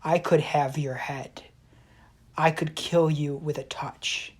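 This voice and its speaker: A woman's voice: sits low, steady tone, slow pace, slightly rough, full character voice. A woman doing a menacing military commander.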